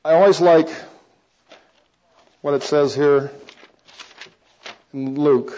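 A man's voice: fairly high pitch, fairly even intonation, slow pace, dark tone. Older man telling a rambling testimony. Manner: rambling storyteller with frequent restarts and chuckles. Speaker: preacher. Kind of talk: personal testimony in a sermon. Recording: dull lo-fi recording.

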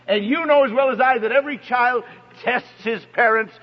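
A man's voice: very high voice, normal speed, husky. A man preaching a sermon, emphatic and storytelling, heard as a dull recording in an echoey hall. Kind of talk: sermon on parenting.

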